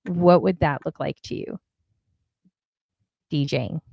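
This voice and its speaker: A woman's voice: sits low, unhurried, gravelly, slightly rough, no room sound, muffled recording. Chatty woman host. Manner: chatty, scattered, giggly. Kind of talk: casual live-stream interview.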